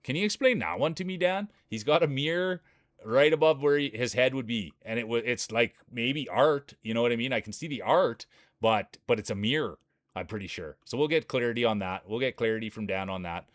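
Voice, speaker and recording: A man streaming live commentary on a marble race, with energetic, joking hype-man banter. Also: medium pitch, brisk, dry recording, studio quality.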